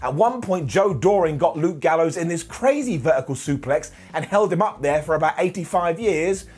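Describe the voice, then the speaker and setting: Husky guy, voice half gone, goes way up and down, jokey wrestling review. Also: expressive, moderate pace, a little mellow. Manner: theatrical, jokey, big swings in pitch. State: hoarse, lost voice. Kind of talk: animated review monologue.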